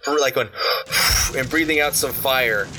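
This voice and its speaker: A man's voice: medium pitch, measured pace, noisy background. A man as game master narrating a tabletop role-playing game, rambling with many fillers. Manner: rambling, filler-heavy, lots of "like" and restarts.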